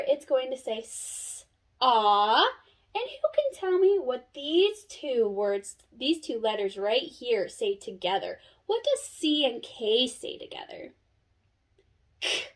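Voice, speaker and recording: Slow sing-song female phonics teacher. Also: high voice, very animated. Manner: slow, sing-song classroom praise and sounding out. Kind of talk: microteach phonics lesson to an imagined class.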